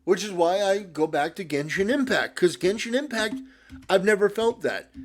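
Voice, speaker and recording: A male commentator with a slightly higher voice rants in a sarcastic, exasperated tone. He swears often and keeps restarting his sentences as he builds his argument. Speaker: video commentator. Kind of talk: ranting commentary.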